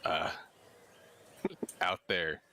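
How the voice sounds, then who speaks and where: A man's voice: low voice, flat delivery, very slow, pushed and bright. A man playing a tabletop game with friends over a voice call, cracking crude jokes and laughing often. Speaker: player. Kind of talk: casual tabletop play over voice chat.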